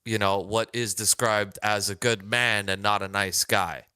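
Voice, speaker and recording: A man's voice: measured pace, clean tone. A man co-hosting a casual chat, earnest and emphatic in his views. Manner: earnest, emphatic, pitch jumps when excited. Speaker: podcast co-host.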